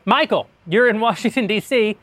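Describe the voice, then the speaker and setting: A man's voice: high voice, moderate pace, fairly bright tone, dry recording. Wry, joking male show host. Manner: wry, self-mocking, laughs often. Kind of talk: joking roundtable chat with ad read.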